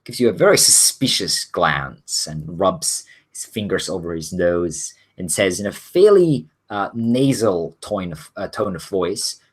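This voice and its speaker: Husky-voiced man running a tabletop game. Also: low voice, expressive, measured pace, hardly any pauses. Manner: casual, many ums and self-corrections. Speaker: game master.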